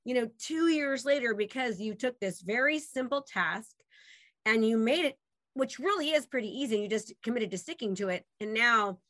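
A woman's voice: on the high side, lively intonation, moderate pace, fairly bright tone, no room sound. A woman hosting an interview over a video call, talking in an enthusiastic, effusive way. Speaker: host. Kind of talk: casual interview chat.

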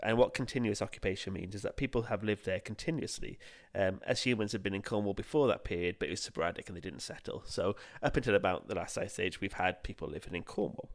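A man's voice: on the low side, fast, few pauses. A young man co-hosting a podcast, rambling and laughing as he chats and narrates history. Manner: sweary, laughing, rambling banter. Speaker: podcast co-host. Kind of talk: casual chat and history narration.

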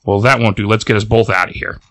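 A man voicing a gentle, caring heroine who speaks softly to a trapped creature. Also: lowish voice, steady tone, quick pace, no echo, natural voice. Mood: tender. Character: gentle, caring woman hero rescuing a creature.

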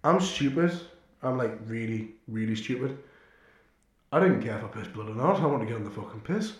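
A man's voice: mid-range voice, animated, a little fast. Crude, blunt young guy in an echoey room. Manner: crude, blunt, swears a lot. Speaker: podcast co-host. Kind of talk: casual storytelling chat.

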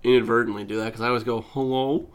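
Lively, bright-voiced young woman chatting. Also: moderate pace. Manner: laughs often, acts out quoted lines in loud high bursts. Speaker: podcast co-host. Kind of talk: casual chat.

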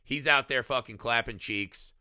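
A man's voice: mid-range voice, normal speed, no room sound, clean studio sound. A man on a casual film-discussion podcast, retelling scenes with lots of swearing. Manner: profane, animated retelling of scenes.

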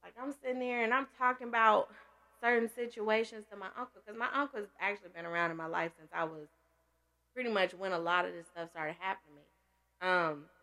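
A woman's voice: medium pitch, steady tone, fairly quick, sharp tone. A woman candidly telling a personal story in casual chat, emotional and laughing through tears. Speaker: podcast guest sharing survival story.

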